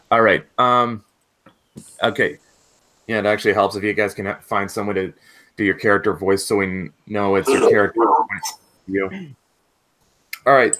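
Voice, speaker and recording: A relaxed man running a tabletop game as its game master. He talks loosely and casually and laughs easily between his instructions. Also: lowish voice, unhurried, long pauses. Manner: laid-back, laughs often, says "all right" a lot.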